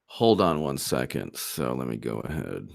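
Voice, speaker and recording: A man's voice: a bass voice, big pitch swings, moderate pace, creaky. A man hosting a political livestream, reacting to polls and chat with frequent giggles and mockery. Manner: giggly and mocking, often laughing. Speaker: political commentary livestream host. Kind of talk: live commentary, reading chat.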